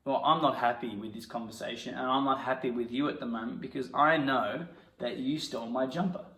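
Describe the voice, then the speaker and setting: A man leads an acting class, switching between calm coaching and sudden loud, mock-outraged improvisation. His pitch sits in a middle range. The sound carries a noticeable room echo. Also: brisk. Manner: bursts into loud indignant outbursts during scenes. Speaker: acting teacher. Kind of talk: acting lesson with improvised scenes. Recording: echoey room.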